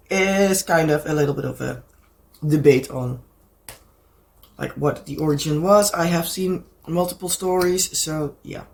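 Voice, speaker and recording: Speaking in a lowish, slightly mellow voice, this Dutch-accented crafting channel host is hoarse from a cold. She chats about crafts in a loose, rambling way, stopping at times to find her words.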